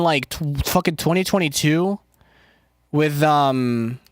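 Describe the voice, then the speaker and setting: A man's voice: on the high side, no echo, studio quality. A man streaming casually and rambling to his chat, loose and profane, with lots of filler words. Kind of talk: casual chat, answering live chat.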